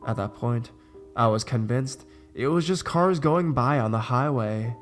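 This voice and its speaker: A man reading a first-person scary story aloud, his voice at an ordinary, middle pitch. He keeps a steady, conversational pace. Faint guitar music plays underneath. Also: a little slow. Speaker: narrator.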